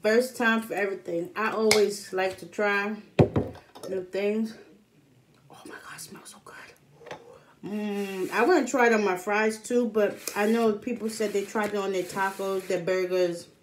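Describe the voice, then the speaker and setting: A woman's voice: mid-range voice, fairly even intonation, normal speed, a little hiss or hum. A young adult woman chatting casually to her camera as a food vlogger, upbeat and informal. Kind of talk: casual eating-show chat to camera.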